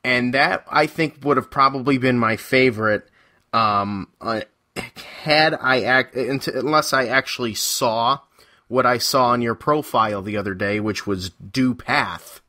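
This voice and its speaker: A man's voice: mid-range voice, measured pace, sharp tone. A man hosting a casual interview, friendly and encouraging, with frequent affirmations. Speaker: podcast host.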